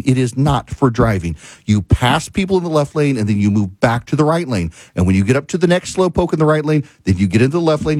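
A man's voice: medium pitch, husky, no echo. A male host in a casual monologue, his voice swinging up and down as he rants in exasperation. The sound is dry and close, with no room around it. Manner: exasperated ranting, lively storytelling with laughs. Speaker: talk show host.

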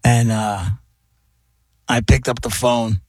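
A man with a husky, gravelly voice, co-hosting a casual chat and telling animated stories. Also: mid-range voice, slow pace, dry recording, studio quality. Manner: animated storyteller. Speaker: podcast co-host.

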